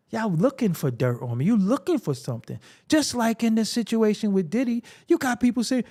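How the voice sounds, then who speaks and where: A man's voice: high voice, lively intonation, brisk, few pauses, warm tone. A man hosting a solo hip-hop commentary show, talking bluntly and profanely, with a confrontational, preaching manner. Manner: repetitive, preaching.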